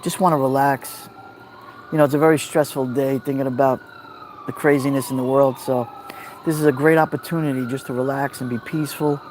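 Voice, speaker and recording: A man with a New York accent hosting a relaxed livestream from a backyard fire pit at night, greeting viewers by name on a phone. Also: medium pitch, fairly quick, a little hiss or hum. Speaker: livestream host. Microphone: phone held near the fire.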